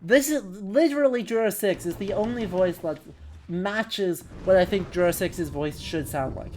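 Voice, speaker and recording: A woman's voice: mid-range voice, normal speed, a little mellow, a little hiss or hum. A woman streaming a courtroom game, chatting casually and wryly, often breaking off mid-word to comment. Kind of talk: casual game let's play with read-aloud dialogue.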